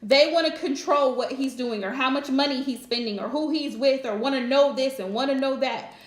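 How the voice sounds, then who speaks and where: Speaking fairly quickly in a high-pitched voice, a woman runs a casual live-stream chat full of relationship advice. She's chatty and direct, laughs a lot, and the audio is reverberant.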